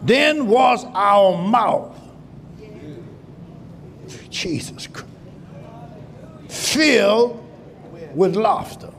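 A man pastor preaching a sermon in call-and-response style, breaking into shouts, in a church. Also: high voice, animated, very slow, pauses often. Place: church sanctuary. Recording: live church with congregation responding.

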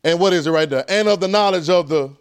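A preacher with a somewhat high voice teaches a Bible class and draws spoken answers from the room. He hammers points through repetition and often sinks to a low, hushed voice for reverence. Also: quick pace, smooth. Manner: emphatic and repetitive, often dropping to a low, quiet voice. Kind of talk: call-and-response Bible teaching.

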